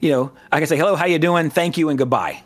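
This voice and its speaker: Man from the American South, fairly high voice, rambling, lots of fillers and restarts, casual podcast chat. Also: quick pace. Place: Southern California.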